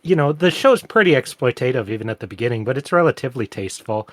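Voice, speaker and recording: A man's voice: medium pitch, expressive, quick pace, no echo, studio quality. A man co-hosting a casual book-discussion podcast, talking emphatically and argumentatively, cursing freely, recorded on a microphone. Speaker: podcast co-host. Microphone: studio mic.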